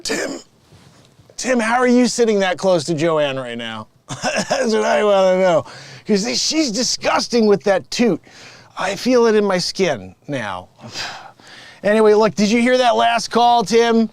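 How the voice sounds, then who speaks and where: A man's voice: sits high, clean tone, no room sound. A man improvising a sleazy, smug phone scammer boss who mocks his coworkers and cons callers. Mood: mocking. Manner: smug, mocking, laughing at his own lines. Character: sleazy male phone scammer boss posing as tech rebate agent. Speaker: improv comedian. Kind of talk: improvised comedy sketch.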